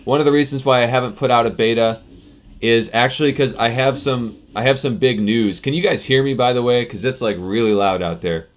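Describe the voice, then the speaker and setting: An American software developer is streaming live, his medium-pitched voice moving a little fast as he casually answers viewer comments into a desk microphone, often restarting his sentences.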